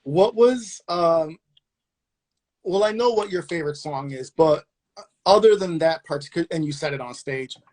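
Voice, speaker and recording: A man hosting a podcast, asking rambling questions in a playful, excitable way. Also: a little high, normal speed. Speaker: podcast host. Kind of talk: casual interview chat.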